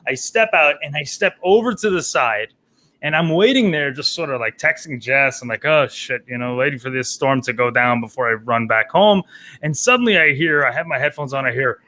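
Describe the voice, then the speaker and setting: A man's voice: mid-range voice, lively intonation, fairly quick, bright, forceful tone. A man co-hosting a casual chat podcast, telling a story in a rambling way with lots of fillers. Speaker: podcast co-host.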